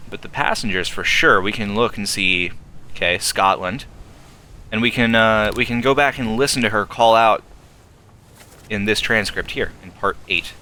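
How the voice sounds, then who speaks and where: A man hosts a let's play, musing aloud as he pieces clues together one step at a time. His voice sits low yet has a crisp, forceful edge, and a faint hiss runs under it. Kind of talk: casual gameplay commentary. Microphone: desktop streaming mic with filters.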